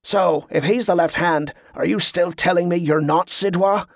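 A man's voice: sits high, moderate pace, no room sound, clean studio sound. A man doing a hasty, snapping ship captain. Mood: triumphant. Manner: barking, snapping, demanding.

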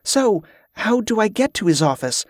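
A reader voicing Carla, a brisk, wry young woman traveler, raising the voice into a lighter register for her lines in an audiobook. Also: mid-range voice, big pitch swings, no echo, clean studio sound, pitched above the performer's own voice, lightly acted. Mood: polite. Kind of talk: audiobook character voice.

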